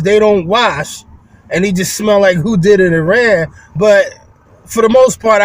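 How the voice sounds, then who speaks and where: Rambling, high-voiced man vlogging. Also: fairly bright tone, no echo. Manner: rambling, conversational, many fillers and restarts; folksy, addresses viewers as y'all. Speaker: window cleaning business owner. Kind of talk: casual vlog monologue.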